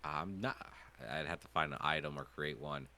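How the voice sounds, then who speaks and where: A man's voice: very deep voice, moderate pace, pushed and bright. A man running a tabletop game as game master, talking casually and thinking aloud.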